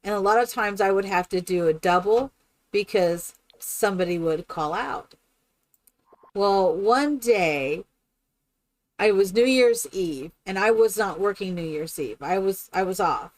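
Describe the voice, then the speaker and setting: A woman's voice: medium pitch, a little slow, darkish tone. A woman chatting casually and rambling with many fillers while she builds in a game on a live stream.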